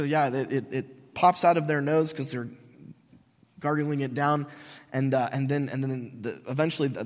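Guy preaching, jokey and sarcastic, kinda high voice, echo from a big hall. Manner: animated, jokey, sarcastic asides. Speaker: pastor. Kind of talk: sermon.

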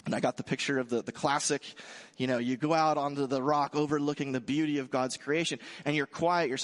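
A man preaching a sermon in a relaxed, conversational way, joking with his congregation. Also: mid-range voice, brisk, big-room sound. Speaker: pastor.

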